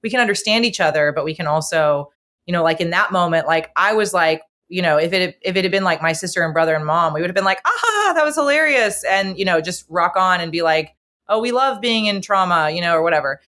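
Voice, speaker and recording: A woman talking casually as a podcast guest, a lively storyteller who acts out the voices she quotes. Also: lowish voice, fast. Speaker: podcast guest, host's best friend. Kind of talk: casual chat.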